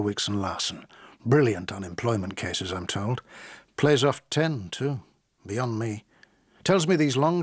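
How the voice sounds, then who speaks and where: An actor playing a weary, dry-witted divorce solicitor, who speaks in a measured, formal way and narrates. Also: male voice, mid-range voice. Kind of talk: radio drama with narration.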